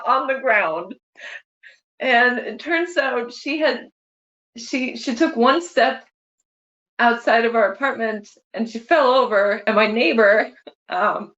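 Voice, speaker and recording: Laughing often, a woman with a fairly high, slightly bright voice tells her mother amusing family stories, sharing memories in a casual way. The audio is dull and carries an echoey room sound.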